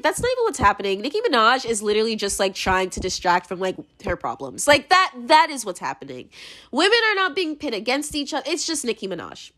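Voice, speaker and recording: A woman's voice: high-pitched, a bit bright. A young American woman giving her opinions in a casual monologue, rambling, blunt and profane, with lots of "like". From United States. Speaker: commentator.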